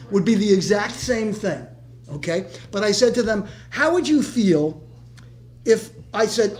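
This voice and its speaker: Rambling older man, high voice. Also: expressive, measured pace. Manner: rambling storyteller, many restarts. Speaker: retired teacher in audience. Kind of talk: community discussion comment. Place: meeting room.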